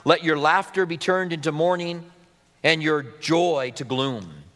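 A man's voice: on the high side, a little slow, fairly bright tone, long reverb tail. A man preaching a sermon as pastor, earnest and reading scripture aloud to his congregation.

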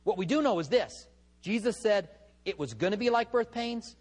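A middle-aged pastor preaching a sermon in a conversational way, mixing scripture with humorous personal stories. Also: male voice, sits high, expressive, normal speed, a little mellow.

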